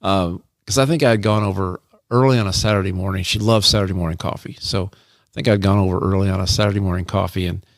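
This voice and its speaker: A man's voice: low voice, steady tone, quick pace, dry recording, studio quality. A man co-hosting a podcast, telling a rambling, self-deprecating personal story with many restarts. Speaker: podcast co-host. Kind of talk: casual storytelling.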